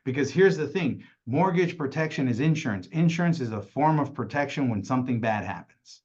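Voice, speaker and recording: A man coaches a sales team in a loose, animated way. He laughs easily and ends almost every point with "right?". The audio is a bit dull and lo-fi. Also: mid-range voice, fairly quick. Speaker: sales trainer. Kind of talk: casual training talk.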